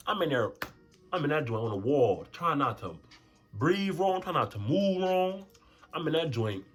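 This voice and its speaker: A young man tells a story in a casual storytime vlog, animated and slangy. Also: moderate pace, soft background music. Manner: animated, swings to high voices for quotes. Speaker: storyteller vlogger.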